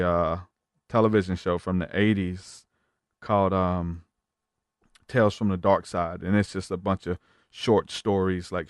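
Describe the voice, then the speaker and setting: A man's voice: on the low side, no echo, clean studio sound. A man as a podcast guest, retelling a story in a rambling casual way with many fillers.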